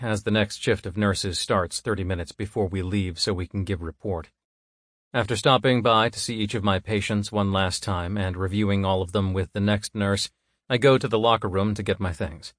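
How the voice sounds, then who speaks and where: Low-voiced man narrating, dry close sound. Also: no room sound. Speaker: audiobook narrator. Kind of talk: first-person scripted narration.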